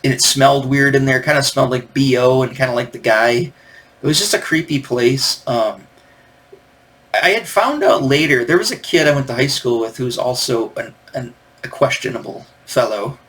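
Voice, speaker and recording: A man's voice: mid-range voice, fairly bright tone. A man in his fifties from Michigan, hosting a podcast in a rambling, digressive monologue full of fillers. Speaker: podcast host. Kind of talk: casual nostalgic monologue.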